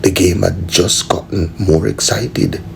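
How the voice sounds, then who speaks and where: A man's voice: sits low, steady tone, measured pace, gravelly, a little hiss or hum, rough recording. A man telling a rambling comic story, full of "you know".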